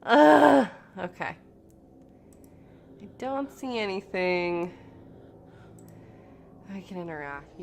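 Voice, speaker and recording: A woman streaming a game, reacting loudly and excitedly, laughing and swearing often. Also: mid-range voice, drawn-out words, gravelly, pauses often, a little hiss or hum. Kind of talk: live gameplay reactions.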